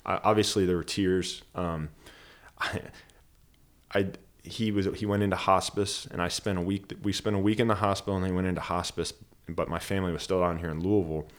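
Sitting low in pitch, this man's voice stays steady while he talks briskly. Appearing as a guest on a casual podcast, he shares a personal story with earnest rambling and loads of fillers, especially "like."

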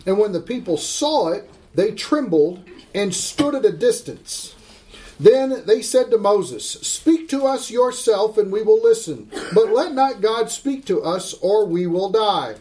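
A middle-aged man teaching a Bible class, emphatic and slowing down to stress scripture as he asks the class questions. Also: sits high, lively intonation, a little mellow.

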